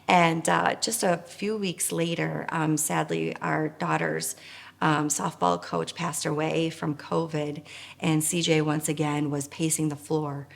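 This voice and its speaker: A middle-aged woman tells her personal story in an earnest, emotional way, stopping often on fillers. Her voice sits very low and has a gravelly fry. She speaks as one of a nonprofit's founders. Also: fairly even intonation, a little slow.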